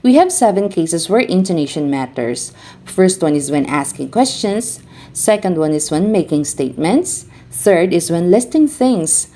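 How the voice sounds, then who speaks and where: A woman teacher giving a scripted lecture, reading out terms and example word pairs in an even, deliberate way. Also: lowish voice.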